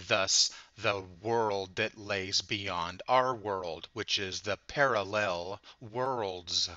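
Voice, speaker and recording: Male host, measured lecturer; slow delivery, dull lo-fi sound. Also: on the low side, bright, forceful tone, no echo. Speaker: channel host. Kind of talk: explanatory monologue on word origins. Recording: dull lo-fi recording.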